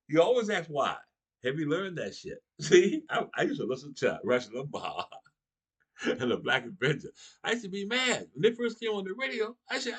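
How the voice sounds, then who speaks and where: A husky-voiced middle-aged male comedian with a lively, swooping delivery. He talks straight to his audience in a political comedy monologue and chuckles between his lines. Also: high-pitched, fairly quick. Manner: animated, laughs between lines, addresses the audience directly.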